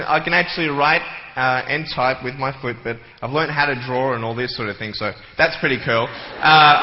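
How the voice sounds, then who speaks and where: A man's voice: on the high side, slight background noise. A young man, giving a joking motivational talk to a live audience in a large hall and acting out little scenes as he goes. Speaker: motivational speaker. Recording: echoey hall, slightly dull sound.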